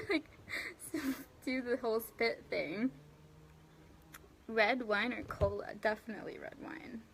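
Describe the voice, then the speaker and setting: A bubbly young woman chats on a live stream, her voice sitting a little high. She rambles through her answers with fillers and giggles, thanking viewers warmly by name. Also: a little hiss or hum. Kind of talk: casual live chat reading viewer comments.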